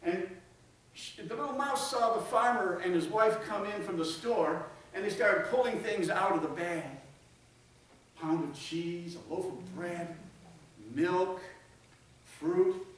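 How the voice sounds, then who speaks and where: A man preaching a sermon, telling a folksy story and dropping to a hush for emphasis. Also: high voice, takes it slowly. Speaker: pastor. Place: church sanctuary. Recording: echoey church from far off.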